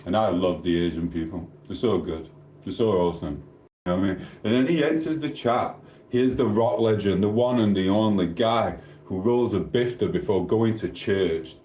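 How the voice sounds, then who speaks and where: A man with a South Yorkshire accent chats casually on his live stream, reading viewers' comments aloud and teasing them playfully. His voice sits a little low, and it rings in an echoey room over a faint hum. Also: moderate pace, mellow. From Sheffield, England. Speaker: livestream host.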